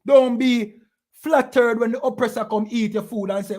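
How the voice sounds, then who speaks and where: A man's voice: very high-pitched, fairly even intonation, normal speed, a little mellow. A man with a Jamaican accent, preaching to a class in a scolding tone and firing rhetorical questions at his listeners. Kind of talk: impassioned preaching.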